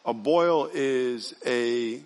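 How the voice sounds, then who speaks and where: A man preaching a sermon as pastor, conversational and animated, calling on his congregation to answer and raise their hands. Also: medium pitch, very slow, in a large hall. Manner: conversational, animated preaching with audience call-and-response. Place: church sanctuary.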